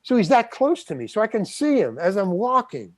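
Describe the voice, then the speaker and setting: An older man tells a story as an interview guest, slightly high-pitched and close to a dry mic. He stammers, restarts and performs the other people's voices as he goes. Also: brisk, dry recording. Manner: animated, acts out quoted voices, stammers and restarts. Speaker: guest actor.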